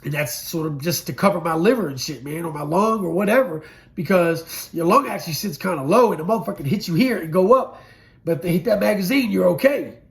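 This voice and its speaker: A middle-aged man recounting his prison past in a blunt, profane storytelling manner, swinging from loud bursts to low murmurs. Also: expressive, fairly quick, creaky. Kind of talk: candid storytelling interview.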